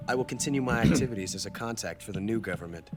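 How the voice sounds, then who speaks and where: Sly game spy, low and smug, composed, loud score underneath. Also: male voice, animated, over music. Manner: measured, smug, composed delivery. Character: scheming male triple-agent spy, smooth and sly.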